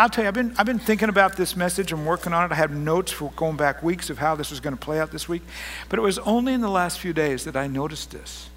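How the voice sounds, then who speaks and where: High-voiced gravelly male preacher. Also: fairly bright tone, slight background noise. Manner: earnest, rising to emphatic bursts. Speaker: pastor. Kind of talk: sermon.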